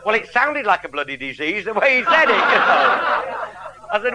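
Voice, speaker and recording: A man's voice: high-pitched, big pitch swings, brisk. A middle-aged man telling a comic anecdote in a blunt, earthy, wry manner, heard on a noisy old radio recording. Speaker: storyteller. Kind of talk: comic anecdote before a live audience.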